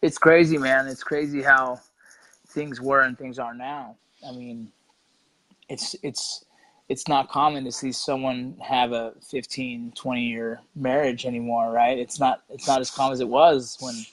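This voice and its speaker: A man's voice: mid-range voice, steady tone, a little slow, fairly bright tone, dry recording, low-quality recording. A middle-aged man talking casually as a guest, laid-back and profane, leaning on "you know" and "right" and acting out quotes. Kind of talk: casual interview chat.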